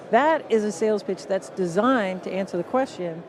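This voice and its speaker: A woman with a Canadian accent, a guest on a live podcast at a conference stage, explaining with lively acted-out quotes. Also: mid-range voice, moderate pace, hardly any pauses, noisy background. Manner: animated, acts out what others say. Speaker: guest author.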